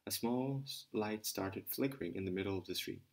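A man's voice: on the low side, fairly quick, vocal fry, poor audio. A man narrating an audiobook, reading steadily with occasional stumbles and restarts. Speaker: audiobook reader.

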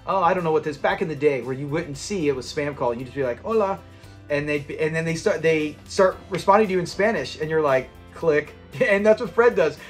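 A man with a notably high-pitched voice talks casually through an episode review. He rambles, laughs easily and slips into little acted-out quotes. Faint music plays underneath. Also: a little fast, hardly any pauses. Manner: chatty, rambling, often laughs, acts out scene quotes. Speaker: channel host reviewing a sitcom episode.

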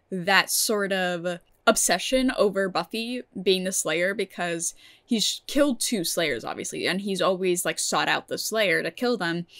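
A woman's voice: mid-range voice, fairly bright tone. Young woman gushing over a TV episode. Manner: gushing and emotional, swears, many "like" fillers. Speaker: TV episode reviewer. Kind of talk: casual reaction review.

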